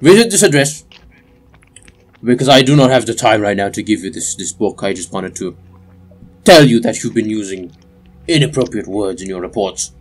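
A man's voice: on the low side, animated, moderate pace, long pauses, slightly rough. A man voicing a tall, lanky, nervous bureaucrat who apologizes in a fussy way and snaps orders. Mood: officious.

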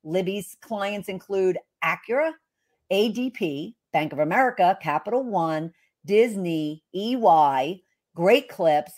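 A woman hosting an interview podcast, introducing her guest with effusive enthusiasm. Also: mid-range voice. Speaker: podcast host.

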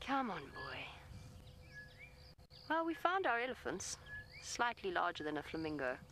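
Soothing woman safari guide, lowish voice. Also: very animated, a little slow, fairly bright tone, slight background noise. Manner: coaxes the elephant in a soothing, pleading voice; explains animal behavior matter-of-factly. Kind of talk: live commentary to camera. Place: outdoors in a safari vehicle.

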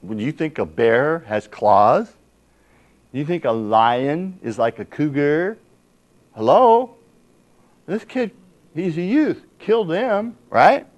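A man's voice: on the high side, very animated, slow. A man preaching a sermon as pastor, reading scripture aloud and putting rhetorical questions to the congregation with emphasis.

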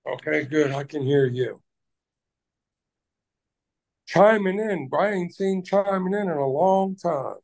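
A man's voice: on the high side, takes it slowly, vocal fry, long pauses, a little mellow. A man hosting a livestream, ranting heatedly at people in his chat and swearing heavily. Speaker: livestream host.

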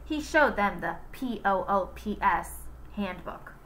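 A woman reading a children's book aloud in an expressive, unhurried way. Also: medium pitch, rough recording.

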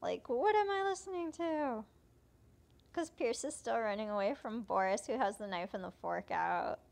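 A woman casually narrates and translates a game's dialogue, chatty and quick to quote. Her voice sits fairly high. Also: vocal fry, darkish tone. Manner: casual, chatty, quoting lines. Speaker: fan dubber and let's player. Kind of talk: casual game commentary and dubbing.

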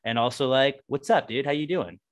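A man's voice: mid-range voice, brisk. A man co-hosting a podcast in casual chat, rambling loosely and often acting out the voices of the people he quotes. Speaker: podcast co-host.

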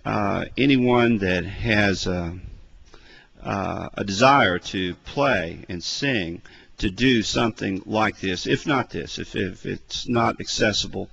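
A male singer-songwriter at a folk music gathering, chatting casually and modestly between songs, with halting restarts and fillers. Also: lowish voice, gravelly, a bit bright, breathy edge, no room sound, muffled recording. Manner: modest, self-deprecating. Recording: live with guitar playing behind.

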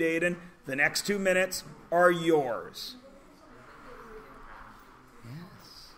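A man teaching a high school math class, joking as he lectures. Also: lively intonation, pushed and bright. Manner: joking, drawn-out teacherly questions.

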